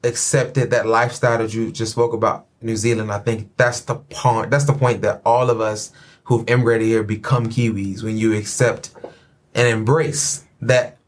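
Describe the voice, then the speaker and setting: A man from Chicago with a Chicago American accent, hosting a casual podcast chat, animated and joking. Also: lowish voice, normal speed. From Chicago, USA. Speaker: podcast host.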